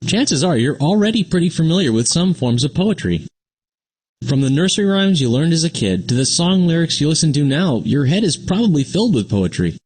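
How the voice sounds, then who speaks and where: With a fairly high, sing-song voice that is a little mellow and slightly rough, a man speaks fairly quickly as an upbeat cartoon character. The friendly young explainer covers the basics of poetry in scripted narration, keeping things simple and answering a sidekick who is never heard.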